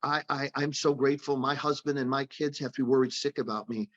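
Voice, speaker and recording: A man's voice: medium pitch, fairly even intonation, a little fast, a bit bright, lightly acted. A man voicing a frightened, stranded woman who stammers, on dull lo-fi audio. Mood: flustered. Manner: stammering, flustered.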